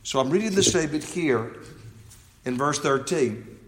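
Emphatic preacher in a reverberant hall. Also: male voice, a little high, expressive. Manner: emphatic, swings from quiet reflection to loud drawn-out scripture reading. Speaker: pastor. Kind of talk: expository sermon.

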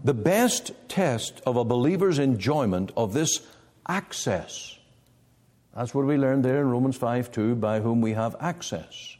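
A man delivering a sermon slowly and deliberately. His pitch sweeps up and down with emphatic preaching. The sound carries a long reverb, as in a large hall. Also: expressive, dark tone.

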